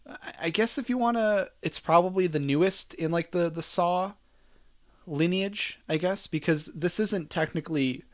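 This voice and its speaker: A man's voice: high-pitched, normal speed. A man co-hosting a casual movie review chat, talking loosely with lots of "like" and restarts. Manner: chatty, full of "like" and restarts. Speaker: podcast co-host.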